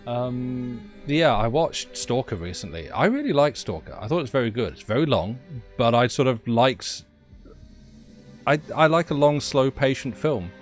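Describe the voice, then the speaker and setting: A man's voice: mid-range voice, animated, normal speed, soft background music. A British man chatting casually on a game stream, rambling and wry about himself. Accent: British English. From Britain. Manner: rambling, self-deprecating, wry. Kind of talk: casual live-stream chat.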